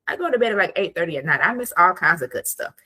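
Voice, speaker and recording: Low, bright-voiced woman coach. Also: lively intonation, quick pace. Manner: chatty, many "like" fillers, acts out quoted thoughts. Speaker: productivity coach, guest. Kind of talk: casual conversational interview. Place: home office at her desk.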